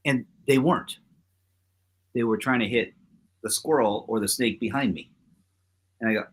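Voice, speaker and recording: A man's voice: medium pitch, moderate pace, pauses often, slightly rough. A man co-hosting a casual talk show, speaking emphatically and acting out quotes from his stories. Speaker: co-host. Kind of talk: casual chat.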